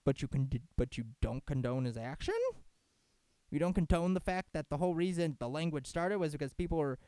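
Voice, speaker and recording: A man talking in casual commentary, halting with many restarts and self-corrections, then animated and sarcastic when he acts out what others said. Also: on the high side, clean tone, no echo.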